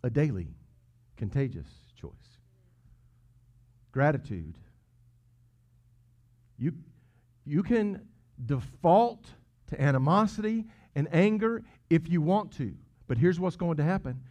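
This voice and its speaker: A man preaching a sermon, earnest and emphatic, swinging between loud peaks and hushed asides. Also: on the high side, sing-song, slow pace, pauses often. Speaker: pastor. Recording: dull lo-fi sound.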